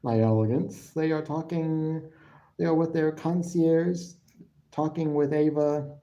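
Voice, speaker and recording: A man's voice: on the high side, warm tone, poor audio. A man hosting a live-stream podcast, recapping casually in a rambling way and often repeating himself. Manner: rambling, restarts and repeats words, breaks off to answer chat. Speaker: podcast host.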